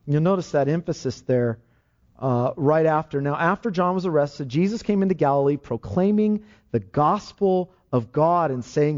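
A man preaching with emphasis, his fairly high voice swinging up and down as he fires rhetorical questions. The recording sounds dull and lo-fi. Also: lively intonation, normal speed, darkish tone. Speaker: pastor. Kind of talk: sermon.

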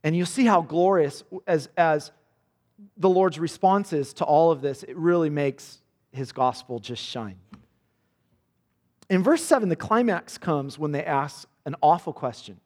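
A male pastor with a fairly high, slightly mellow voice preaches a sermon at a measured pace, earnest and intense, repeating words as he builds each point. The recording has a long hall reverb.

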